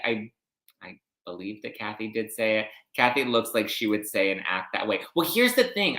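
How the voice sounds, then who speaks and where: Man, gossip recap host, catty, swears freely, bright tone, roomy echo. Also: medium pitch. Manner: chatty, catty, profane storyteller.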